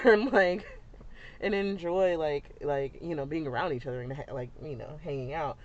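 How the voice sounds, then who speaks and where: A young woman, a mother, telling a family story in a chatty, animated way, with many fillers and frequent laughs. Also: low voice, normal speed. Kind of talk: casual storytelling vlog. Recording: dull lo-fi sound.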